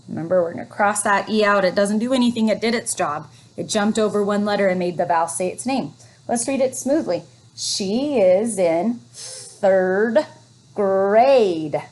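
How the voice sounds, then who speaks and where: A woman teacher leading a phonics lesson for young children, reading words slowly and encouragingly. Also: medium pitch. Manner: slow, encouraging, drawn-out reading.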